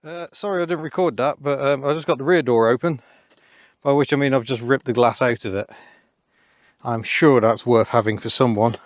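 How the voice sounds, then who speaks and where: A man's voice: medium pitch, normal speed, dry recording. Dry, rambling man outdoors. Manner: rambling, dry self-deprecating asides. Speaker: car vlogger. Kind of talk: casual commentary while working. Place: overgrown rural yard outdoors.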